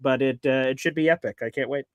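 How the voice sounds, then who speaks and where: A man hosting a casual sports talk show, swearing and getting loud and worked up. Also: mid-range voice, fast, dry recording, muffled recording. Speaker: podcast host.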